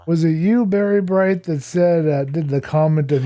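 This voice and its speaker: A man's voice: on the high side, normal speed, warm tone. A man streaming a building game, chatting casually to his viewers and to the game's characters and chuckling often. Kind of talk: casual gameplay commentary.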